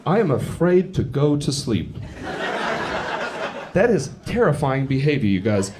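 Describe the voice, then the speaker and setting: A man's voice: mid-range voice, big pitch swings, a little slow, heavy background noise. A man performing a profane, brash stand-up comedy set on stage, telling stories and acting out the people in them. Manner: brash, profane storytelling with acted-out quotes. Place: comedy club stage with a live audience. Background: audience laughter.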